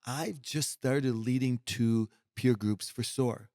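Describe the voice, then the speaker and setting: Guesting on a podcast, this middle-aged man, an executive mentor, talks in a folksy, emphatic way and occasionally mimics what others said. He speaks slowly in a mid-range, darkish voice, recorded at studio quality without echo.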